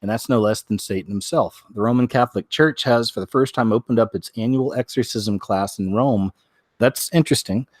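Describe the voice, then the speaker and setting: Low-voiced man reading news with wry asides. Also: brisk, dry recording, clean studio sound. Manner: stumbles over words, wry asides, frequent throat clearing. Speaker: host. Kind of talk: reading news aloud with commentary.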